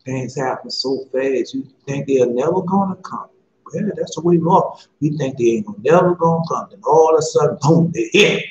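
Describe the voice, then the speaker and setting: A man's voice: medium pitch, normal speed. A man preaching an impassioned sermon in a casual, pleading way, repeating himself often. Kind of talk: impassioned street-style sermon. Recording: echoey, muffled, slightly noisy recording.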